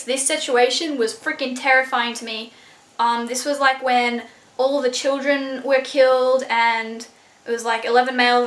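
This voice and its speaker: A young woman reviewing a book in a casual vlog, excitable and gushing, full of "like" and swearing. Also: high voice. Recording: echoey room.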